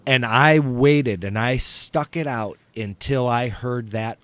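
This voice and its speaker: A man's voice: on the low side, unhurried, hardly any pauses, fairly bright tone. A man, a guest on a talk show, telling crude stories in casual chat with laughter, profanity and many restarts.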